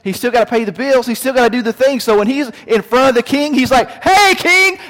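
A man preaching a sermon, telling the story with lively acted voices. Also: extremely high pitch, quick pace, in a large hall. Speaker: pastor.

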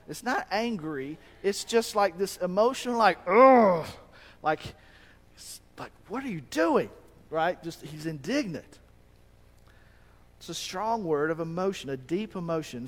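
A man preaching a sermon as pastor, animated, acting out quoted voices with a rising pitch. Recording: long reverb of a hall.

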